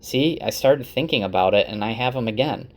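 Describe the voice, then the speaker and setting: A man voicing a young male channeler who is defensive and quick to flare up, in a casual retelling. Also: medium pitch, expressive, close to an everyday voice.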